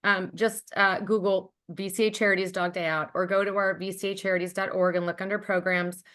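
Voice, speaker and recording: A woman's voice: mid-range voice, level tone, fairly quick, fairly bright tone. A woman presenting her charity's program on a webinar over a video call, talking in an enthusiastic, conversational way with frequent ums and likes.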